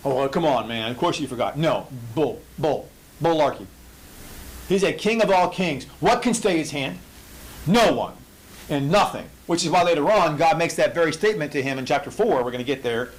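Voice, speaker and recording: A man leading an informal Bible study, emphatic and full of rhetorical questions, swinging from low murmurs to loud bursts. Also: animated, normal speed, poor audio.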